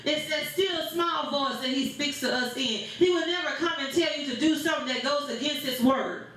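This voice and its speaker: High-voiced woman preaching in church. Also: moderate pace, a bit bright. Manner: rhythmic preaching with call-and-response. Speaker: pastor. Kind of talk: sermon. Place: church sanctuary. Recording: very echoey church room.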